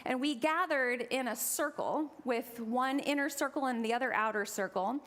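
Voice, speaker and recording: A woman's voice: high-pitched, moderate pace, a bit bright. A woman from Eastern Kentucky preaching a sermon as minister, conversational and with humorous asides to the congregation.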